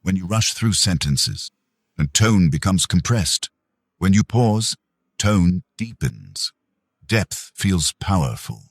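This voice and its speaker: Guy narrating a self-help audiobook, slow and measured, real low breathy voice, dry close sound. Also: dry recording.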